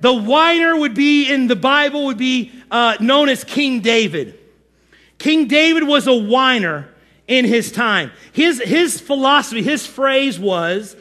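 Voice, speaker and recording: A man preaching a sermon to his congregation, animated, acting out whiny complaints in quoted voices. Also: very high-pitched, a little slow. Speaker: pastor.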